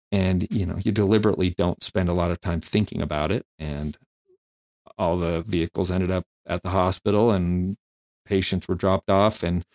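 Male guest, deep voice, dry close sound, reflective storyteller with frequent fillers. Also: clean tone, no echo. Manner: reflective, halting, many fillers. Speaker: firefighter and flight nurse guest. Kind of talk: candid storytelling interview.

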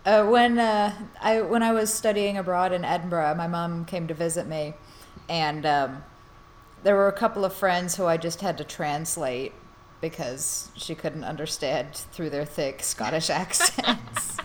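A woman co-hosting a podcast, relaxed, telling stories with quick interjections. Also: on the low side, slight background noise. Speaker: podcast co-host. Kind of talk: casual review chat.

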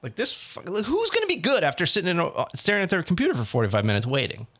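A young man with a high voice talks fast in a casual chat, animatedly telling a story about his auditions as an actor. He swears and quotes other people along the way.

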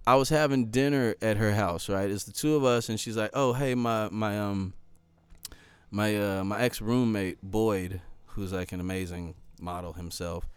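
Smooth-voiced man telling lively stories. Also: on the low side, moderate pace, dry recording. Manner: animated storyteller, laughs often, acts out quotes. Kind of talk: casual chat.

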